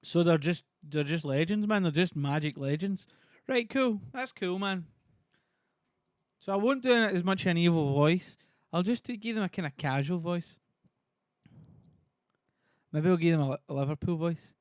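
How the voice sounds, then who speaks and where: A man's voice: high-pitched, moderate pace, no room sound, clean studio sound. A man streaming casually, chatty and self-deprecating as he reads a play to viewers. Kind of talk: casual livestream reading.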